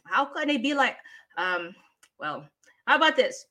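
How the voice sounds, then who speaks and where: Bright-voiced woman telling classroom stories. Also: fairly high pitch, a little slow. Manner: animated storyteller, expressive. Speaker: guest, voice talent, former teacher. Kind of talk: casual interview chat.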